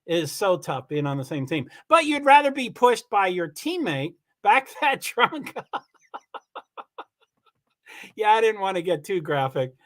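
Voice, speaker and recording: A man hosting a livestream, giving rambling, chatty commentary on a car race and swearing when he gets excited. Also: sits high, normal speed, hardly any pauses. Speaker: livestream host. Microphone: computer mic on a streaming call.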